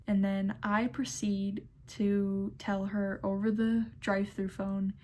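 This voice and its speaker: A sassy, exasperated young woman telling workplace stories in a vlog. She speaks at an unhurried pace, her delivery dry and amused. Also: mid-range voice, little pitch movement, dark tone. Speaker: pharmacy technician. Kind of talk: storytime vlog narration.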